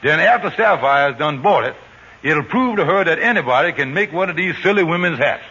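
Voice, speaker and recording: A scheming con man who talks his friends into his plans, a raspy, high, bright voice. This is 1940s radio comedy acting on an old broadcast recording, muffled and lo-fi with a faint hiss underneath. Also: animated, fairly quick. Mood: persuading. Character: scheming smooth-talking grown man, a con artist.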